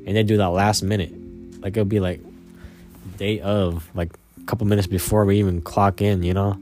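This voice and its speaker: A young man casually telling a personal story, halting and slangy, with lots of fillers. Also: low voice, flat delivery, warm tone, soft background music.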